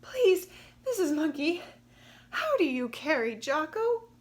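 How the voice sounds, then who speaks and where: Woman voicing a gentle mother kangaroo, plaintive and pleading, high, swooping storybook voice. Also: very animated, slow pace, heavily acted. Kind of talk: storybook read-aloud.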